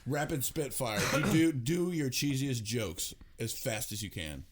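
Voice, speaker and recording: A man's voice: medium pitch, expressive, unhurried, noisy background. A man hosting a podcast in casual chat, teasing and joking with his guests. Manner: jokey, teasing, laughs often. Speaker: podcast host.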